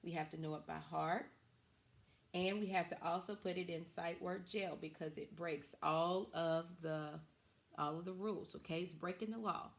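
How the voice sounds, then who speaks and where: A woman teacher giving an online reading lesson to young children, encouraging and slow, drawing out her words clearly. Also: fairly low pitch, fairly even intonation.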